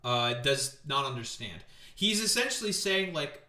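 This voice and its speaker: A man's voice: medium pitch, sing-song, unhurried, pushed and bright. A man from Canada, hosting a casual political commentary stream, blunt, sarcastic and heavy on swearing. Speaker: streamer host. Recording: roomy echo.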